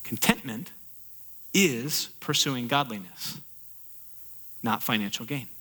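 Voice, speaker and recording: A man delivering a lively sermon, slipping into quoted inner voices and rising to urgent calls. His voice is bright and forceful, sitting slightly above the usual male pitch. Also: moderate pace, long pauses. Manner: animated preaching, acts out inner voices, rising to urgent exhortation. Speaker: pastor.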